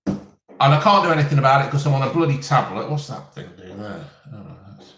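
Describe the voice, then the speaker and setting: A man's voice: medium pitch, big pitch swings, fairly quick, fairly bright tone, echoey room. A man, chatting casually on a live stream and reading out viewer comments with jokes. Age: 50s. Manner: chatty, jokey, reads viewer comments aloud.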